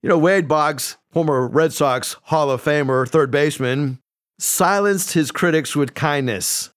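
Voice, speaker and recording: A man preaching a sermon, slowing down to read scripture and lifting his voice for emphasis. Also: a little high. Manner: preaching with emphatic rises and slowed scripture readings. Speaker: pastor.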